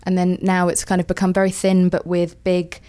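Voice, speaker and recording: A woman's voice: on the low side, completely flat delivery, fairly quick, mellow, clean tone. A woman, a podcast guest in casual chat, wry and emphatic.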